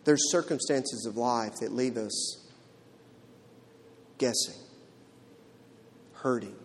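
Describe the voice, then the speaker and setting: A man's voice: medium pitch, takes it slowly, a little hiss or hum. A man preaching a sermon as pastor, driving his points home with emphatic rhetorical questions in a church. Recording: long hall reverb.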